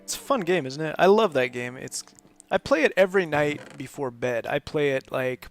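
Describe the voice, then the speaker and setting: Man, game streamer host, chatty and meandering, fry in the voice, soft music under. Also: fairly high pitch, lively intonation, moderate pace. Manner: rambling, chatty, laughs often. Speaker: host of a live gaming stream. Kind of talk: casual gameplay commentary.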